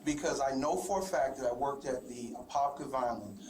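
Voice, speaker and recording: A man's voice: medium pitch, fairly quick, darkish tone, roomy sound. A man being questioned as a suspect, answering defensively and hesitantly, sometimes sarcastically. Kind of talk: police interrogation. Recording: noisy interview room recording.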